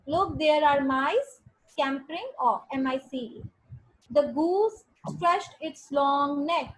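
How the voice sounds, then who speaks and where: A woman's voice: high voice, slow pace, low-quality recording. A woman teacher giving a grammar lesson to a class, patiently repeating sentences and spelling words out letter by letter. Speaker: English teacher.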